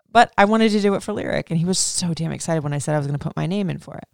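Gravelly, chatty woman podcaster. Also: low-pitched, fast, no room sound, clean studio sound. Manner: chatty, emotional, swears freely. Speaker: podcast host. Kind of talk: candid personal monologue.

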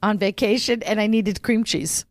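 A podcast co-host with a medium-pitched voice chats casually at a moderate pace, teasing and giggling. She speaks into a studio microphone at a table, and the audio is studio quality with no room sound.

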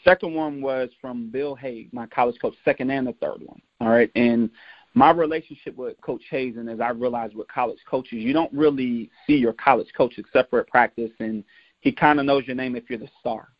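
A man tells stories from his football years as a motivational talk and acts out the people he quotes. His voice sits at a middling pitch. The recording is dry and dull, with a lo-fi edge. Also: moderate pace, no echo. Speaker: motivational speaker, former college football player. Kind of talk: storytelling talk.

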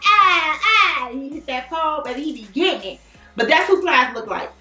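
Bright, high-voiced woman gossiping. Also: brisk, faint music behind. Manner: animated, slangy and playful. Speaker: podcast host. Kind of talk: casual celebrity gossip chat. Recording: echoey room, far from the mic.

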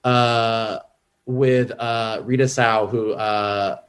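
Screenwriter guy chatting about movies, gets animated doing character voices. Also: very slow. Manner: animated, acts out character quotes in a higher voice. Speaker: screenwriter and podcast guest. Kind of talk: casual film discussion.

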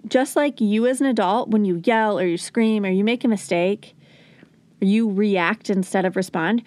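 A woman's voice: mid-range voice, normal speed, a little mellow, no echo. A woman hosting a parenting podcast, talking earnestly and coaching, at times acting out soothing words to a child. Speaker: podcast host and parenting educator. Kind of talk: conversational teaching talk.

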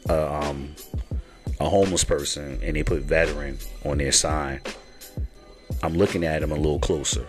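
Deep-voiced laid-back man from Baltimore. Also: steady tone, moderate pace, long pauses, over music. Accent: mild Baltimore. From Baltimore, USA. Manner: laid-back, repeats himself. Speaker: podcast host. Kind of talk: casual chat.

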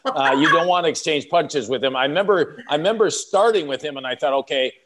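Man in his sixties, relaxed storyteller, somewhat high voice, casual podcast chat. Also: fast talker, very noisy. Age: 60s. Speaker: podcast co-host, former hockey player.

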